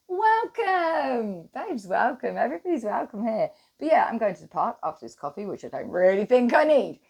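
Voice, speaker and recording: A woman hosting her own channel, talking to viewers in a rambling, wandering monologue and swearing freely. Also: fairly high pitch. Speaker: channel host.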